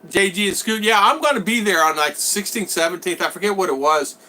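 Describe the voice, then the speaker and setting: A man's voice: high voice, a little fast, bright, forceful tone. A middle-aged American man hosting a casual live stream, rambling with fillers as he reads viewer comments aloud and chats back. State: recovering from a cold. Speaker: vlog host. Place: home in the Philippines.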